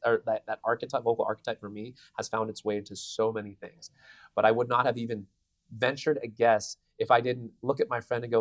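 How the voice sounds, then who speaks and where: A man in his thirties, a voice actor giving a convention interview, telling stories in an animated way with many restarts. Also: medium pitch, dry recording. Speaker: voice actor guest. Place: convention venue.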